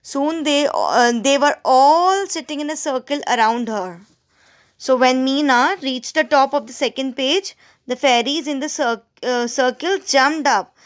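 A woman's voice: sits high, measured pace. A woman teacher reading a story aloud to students, stopping to explain words and ask them questions. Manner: explains word meanings to students; asks the listeners questions.

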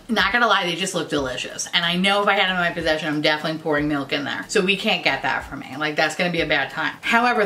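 A woman's voice: fairly low pitch, bright, forceful tone. A woman in her thirties from the United States, ranting sarcastically about makeup and swearing constantly. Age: 30s. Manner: sarcastic, swears constantly, jumps into silly voices. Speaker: beauty YouTuber. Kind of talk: casual profane rant.

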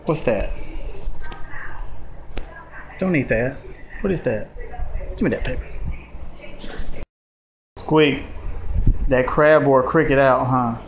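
A man's voice: medium pitch, slow pace, pauses often. A man, coaxing and sing-song as he talks to his dogs in a casual home video. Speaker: dog owner filming his pets. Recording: noisy home video recording.

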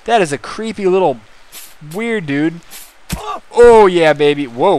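Excitable man yelling at a game. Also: a little high, measured pace, long pauses, background noise. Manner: mumbles menus, then bursts into excited yells. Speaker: gaming channel host. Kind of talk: let's-play commentary.

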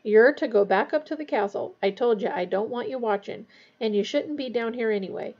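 Woman voicing a huge grieving gamekeeper, husky, halting, shaky, dull lo-fi sound. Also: on the high side, darkish tone. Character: large gruff grieving gamekeeper man.

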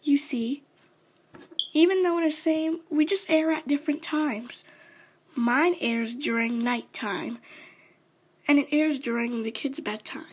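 A woman voicing a dreamy, friendly female host of a bedtime show, speaking in a soft, breathy, hushed way in a fan-made cartoon performance. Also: high-pitched, measured pace, long pauses. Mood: explaining.

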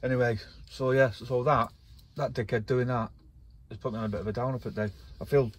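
A man's voice: mid-range voice, steady tone, fast talker. A man, talking casually and rambling in a vlog from his camper van, swearing a lot and getting worked up. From North West England. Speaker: vlogger.

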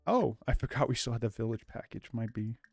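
There's no room sound, just faint music behind a young YouTuber whose mid-range, darkish voice has vocal fry and lively intonation at a slightly fast pace. He's casually commentating a life-sim let's play, goofing off, calling himself loopy, and joking with viewers.

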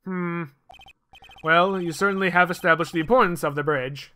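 A man's voice: on the high side, moderate pace, sharp tone. A man voicing a stern old male judge in a game reading, clipped and stern.

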